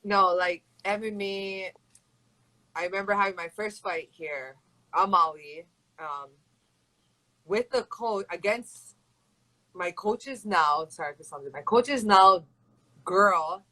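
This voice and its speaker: A woman's voice: mid-range voice, animated, measured pace, sharp tone, rough recording. A young woman from Hawaii, a fighter chatting in an interview with a rambling, casual flow. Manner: chatty and rambling, full of "like" and "you know". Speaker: MMA fighter and guest.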